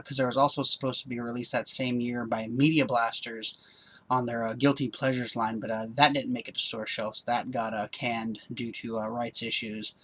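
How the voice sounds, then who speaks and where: Laid-back rambling male reviewer. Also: mid-range voice. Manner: rambling, lots of ums and uhs; relaxed, upbeat. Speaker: home-video reviewer. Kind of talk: casual video review.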